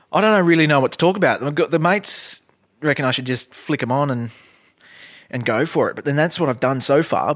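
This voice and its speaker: A man's voice: fairly high pitch, a bit bright. A man with an Australian accent rambling through a comedic podcast monologue, blunt and profane with lots of fillers.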